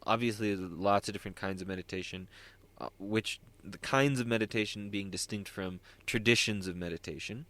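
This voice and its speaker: A man's voice: lowish voice, fairly even intonation, brisk, a bit bright. A man hosting a solo podcast, talking in a rambling, self-interrupting way with wry asides. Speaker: podcast host.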